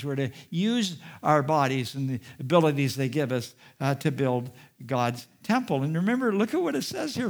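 Male pastor, slightly high voice, preaching with emphatic bursts and quiet asides. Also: big pitch swings, moderate pace, few pauses. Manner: reads scripture aloud and comments, rising to emphatic, then drops to soft, quiet asides. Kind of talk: sermon.

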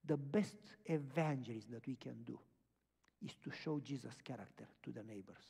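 A man's voice: mid-range voice, normal speed, gravelly, dark tone, breathy edge. A man preaching a sermon, telling a story with emphatic repeated phrases. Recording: long hall reverb.

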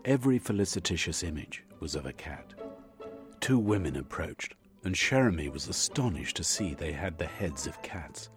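Brief: deep-voiced male audiobook narrator, unhurried, lively pitch, faint music underneath. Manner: measured, expressive storytelling. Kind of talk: audiobook reading.

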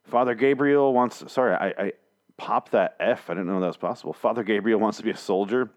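A man's voice: lowish voice, a little fast. Rambling, swearing male comic reviewer. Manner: rambling, sarcastic, swears freely, slips into mock voices. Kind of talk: casual profane recap monologue.

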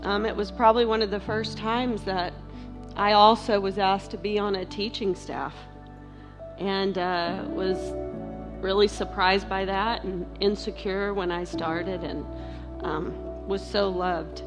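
Middle-aged woman, heartfelt halting testimony, mid pitch, soft music underneath. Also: steady tone. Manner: heartfelt, halting, many fillers and restarts. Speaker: speaker sharing testimony at a church. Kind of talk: emotional personal testimony.

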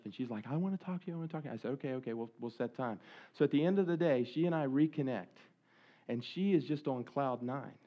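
A man's voice: medium pitch, highs cut off. A man giving a sermon as a conversational, earnest story, acting out quoted dialogue as he goes. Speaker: speaker at a church service.

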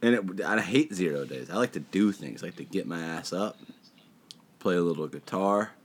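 A man's voice: sits low, lively intonation, normal speed. A man co-hosting a casual talk show, laid-back, saying "dude" often and laughing easily. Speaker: radio show co-host. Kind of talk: casual chat.

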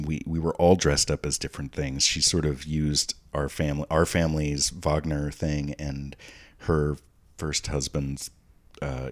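A man speaking as a podcast guest, telling casual stories with rambling asides and frequent restarts. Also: a bass voice. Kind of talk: casual storytelling.

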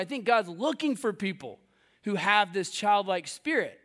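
A man preaching a sermon in a lively, animated way, acting out quoted voices and laughing often at himself. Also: high-pitched, moderate pace. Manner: laughs often, self-deprecating. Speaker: pastor.

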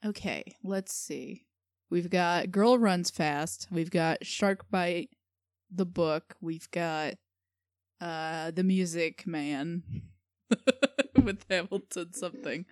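A woman co-hosting a casual podcast, answering a quiz, joking and thinking out loud. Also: on the low side, slow, no echo, clean studio sound. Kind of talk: casual chat.

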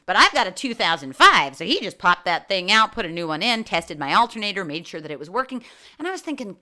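Candid, swearing woman with a bright voice. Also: medium pitch, fast. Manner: candid, swears freely, animated. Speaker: vlogger. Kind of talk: candid road-trip reflection.

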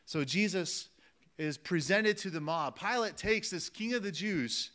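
A man's voice: on the high side, expressive, a little slow, fairly bright tone. A man preaching a sermon, emphatic and repeating phrases for weight, calling his listeners friends.

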